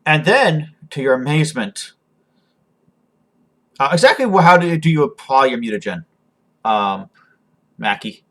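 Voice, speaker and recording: Slow, halting man running a tabletop game. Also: medium pitch, sing-song, a bit bright. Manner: halting, full of ums and restarts. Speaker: game master.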